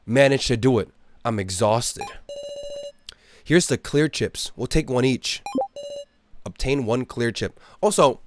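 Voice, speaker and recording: A man giving excitable let's-play commentary as a gamer streaming a playthrough, swearing freely. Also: medium pitch, no room sound, clean studio sound.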